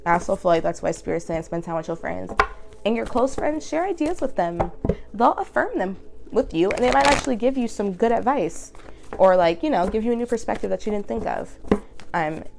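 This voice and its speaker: A young woman giving a tarot reading, emotional and animated, slowing down to stress her points. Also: mid-range voice, vocal fry, background noise. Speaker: tarot reader.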